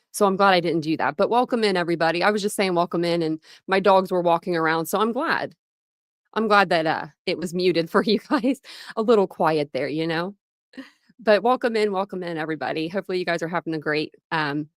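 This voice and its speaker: A woman's voice: lowish voice, no room sound, studio quality. A woman hosting a casual livestream from home, chatting loosely, greeting viewers by name and laughing often. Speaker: livestream host.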